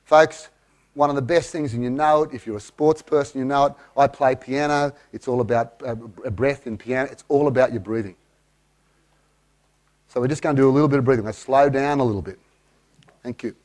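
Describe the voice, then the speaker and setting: A man at mid pitch addresses a live room as a keynote speaker. He coaxes the audience through a breathing exercise, counting each breath aloud. He sounds a little out of breath. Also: a little fast. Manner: lively, coaxing, counts out breaths. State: a bit out of breath.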